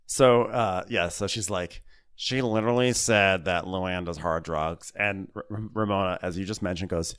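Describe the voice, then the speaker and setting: A man's voice: sits low, normal speed, a bit bright, clean tone. Man joking through a casual recap. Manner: joking, sarcastic. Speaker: podcast co-host. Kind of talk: casual comedic recap chat.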